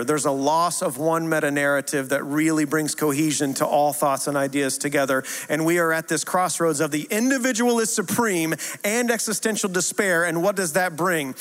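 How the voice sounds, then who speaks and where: A man in his thirties preaching a sermon, earnest and repetitive, moving from hushed tenderness to emphatic declarations. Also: a little high, moderate pace, few pauses. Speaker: pastor. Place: church sanctuary. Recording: long hall reverb.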